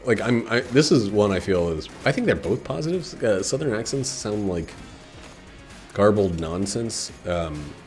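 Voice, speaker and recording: Low-voiced man rambling over gameplay. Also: animated, a little slow, soft background music. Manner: meandering, swears casually, many fillers. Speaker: gameplay commentator.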